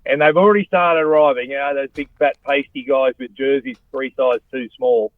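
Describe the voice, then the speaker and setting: A man's voice: mid-range voice, normal speed, dry recording. Australian man on a tinny phone line. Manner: blokey, animated, says "mate" a lot. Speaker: guest, former rugby player and radio host. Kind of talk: casual chat over a phone line.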